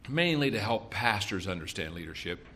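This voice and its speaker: With big pitch swings in a voice on the low side, this man speaks at a moderate pace, pushed and bright, over a little hiss or hum. The middle-aged leadership seminar speaker tells folksy stories and repeats his points for emphasis.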